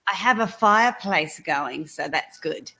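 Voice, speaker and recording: A woman with an Australian accent chatting casually on a video call, slangy and quick to laugh. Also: on the low side, expressive, bright, forceful tone. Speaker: guest on a group video chat. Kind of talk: casual chat.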